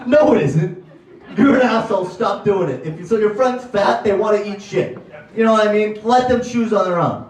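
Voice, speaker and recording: A man's voice: high voice, normal speed. Ranting young male stand-up comic. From Connecticut. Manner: ranting, profane, exasperated. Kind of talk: stand-up set. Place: comedy club stage. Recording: echoey club from far off.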